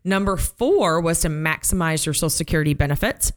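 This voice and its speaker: A woman co-hosting a casual financial talk show, recapping points in a brisk, conversational way. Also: deep voice, lively intonation. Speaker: co-host.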